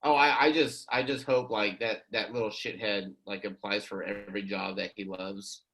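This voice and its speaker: A man's voice: lowish voice, steady tone, moderate pace, pushed and bright, poor audio. A man co-hosting a casual podcast who speaks in a sardonic, joking way. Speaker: podcast co-host.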